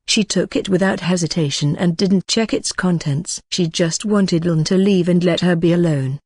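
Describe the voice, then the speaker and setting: Man reading an audiobook in a dry, even voice. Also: high-pitched, dry recording. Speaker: audiobook narrator. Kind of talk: scripted narration.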